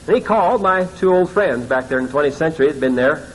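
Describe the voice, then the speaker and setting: A male pastor tells a dream story in a dramatic sermon, often sinking to hushed, ashamed tones. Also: on the high side, expressive, fast, low-quality recording.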